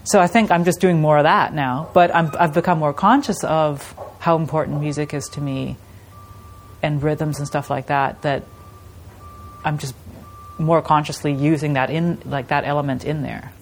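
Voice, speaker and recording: A woman's voice: low voice, normal speed, a little hiss or hum. A middle-aged woman, an artist, chatting casually in an interview and telling stories with laughs and imitations. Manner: animated storytelling with laughs and imitations. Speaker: artist guest.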